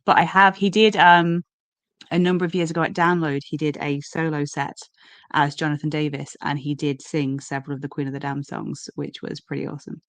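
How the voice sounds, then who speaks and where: A woman's voice: sits low, steady tone, brisk, no room sound. A woman co-hosting a podcast, chatty and informative with lots of fillers. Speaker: podcast co-host. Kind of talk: casual podcast chat.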